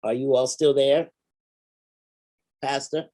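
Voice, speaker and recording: A woman giving a measured, explanatory presentation on funeral pre-planning over a video call. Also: extremely low pitch, fairly even intonation, mellow.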